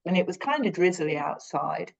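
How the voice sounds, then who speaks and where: A woman's voice: on the low side, expressive, moderate pace, vocal fry. A British woman on a podcast, reflectively telling a personal story in a rambling, earnest way that often corrects itself. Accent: British English. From Britain.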